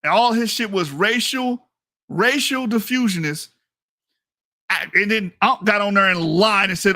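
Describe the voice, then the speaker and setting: A high-pitched man with a bright, sharp voice delivers a combative, swear-filled rant into a microphone. He hammers his points by repeating them and laughs at his own jokes. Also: unhurried. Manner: profane, combative, repeats himself for emphasis. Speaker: online commentator. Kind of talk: heated casual commentary rant. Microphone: talking into a mic.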